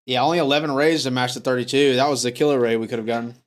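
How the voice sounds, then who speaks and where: A man's voice: mid-range voice, fairly even intonation, racing. A man streaming a game live, talking casually to his chat, frustrated and swearing as he rambles.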